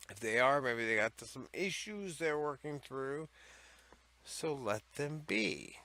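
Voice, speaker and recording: A man's voice: mid-range voice, expressive, takes it slowly, sharp tone. A man hosting a casual comedic commentary, rambling, sarcastic and profane as he reads out laws. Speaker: host of a comedy series on odd laws.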